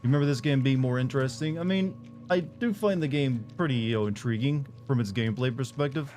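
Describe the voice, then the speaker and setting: A man's voice: mid-range voice, fast talker, a little mellow, soft background music. A man with a mild Southern US accent doing casual let's-play commentary, chatting with viewers and swearing at the game. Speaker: streamer.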